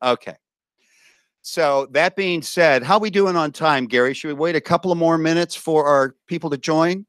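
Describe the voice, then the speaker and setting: A man's voice: on the high side, normal speed, smooth, no room sound. A man working as event emcee, briefing a live audience and coaxing them to join in. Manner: lively, coaxing the crowd to join in. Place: conference room with a live audience.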